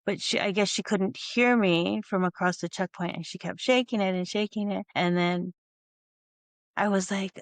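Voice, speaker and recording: A middle-aged woman talks through a podcast story, wandering off and circling back as she goes. Her voice sits a little low, and the sound is close and dry with no room around it. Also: fairly even intonation, a little fast, no echo. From Hawaii. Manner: storytelling, meandering with restarts. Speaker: podcast host. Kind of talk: casual solo podcast talk.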